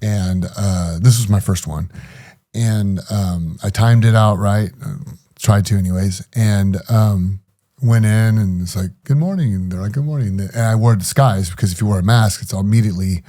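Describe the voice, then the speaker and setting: Man, low voice, mellow tone, hesitant storytelling, lots of fillers, interview guest. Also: steady tone, moderate pace. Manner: hesitant, many fillers and restarts.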